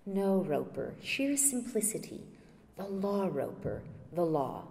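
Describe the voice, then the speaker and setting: A woman's voice: mid-range voice, big pitch swings, slow pace, vocal fry, dark tone, full character voice. A woman reading as a stubborn principled statesman. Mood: firm. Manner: read aloud as a quoted scene, earnest. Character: principled older male statesman, calm and stubborn. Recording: reverberant lecture hall.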